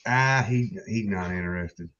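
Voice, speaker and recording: A man on a livestream panel, laughing and reacting quickly to the others over a video call. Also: on the low side, fairly bright tone, dull audio. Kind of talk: casual livestream panel chat.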